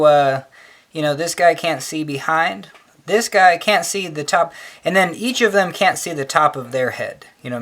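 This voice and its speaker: A man at an ordinary middle pitch explains a logic puzzle in loose, rambling fashion. He fills his talk with ums and side tangents, and keeps cheering himself on. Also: fairly bright tone. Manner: chatty, filler-heavy, says "hell yeah" a lot. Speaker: math tutor.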